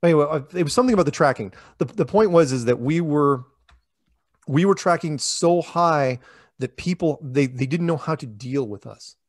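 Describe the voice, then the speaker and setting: A man talks in a loose, animated ramble, acting out quoted dialogue with bursts of excitement and sudden drops in volume. He sits at an ordinary middle pitch. The room sounds dry and close, with almost no echo. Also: moderate pace. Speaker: interviewee, flat earth public speaker. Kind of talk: casual storytelling interview.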